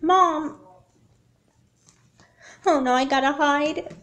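A woman voicing a young girl doll character who is obsessed with her laptop, in a home-made doll movie, her voice shooting high and loud when she panics. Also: steady tone, normal speed, slight background noise, close to an everyday voice. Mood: panicked.

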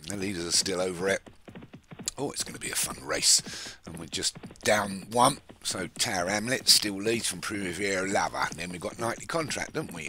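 A man commentating a horse race in a racing game, reading off the runners quickly and stumbling on names, with jokey rambling asides. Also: low voice, pushed and bright, a little hiss or hum.

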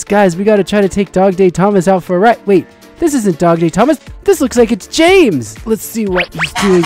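A gameplay channel host giving excited commentary for kids, full of exclamations and calls to the viewers. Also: mid-range voice, normal speed, music in the background.

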